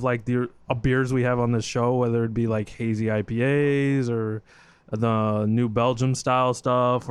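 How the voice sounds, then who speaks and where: A man's voice: medium pitch, smooth, no room sound. A man co-hosting a casual podcast chat, explaining at length with rambling detours. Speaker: podcast co-host.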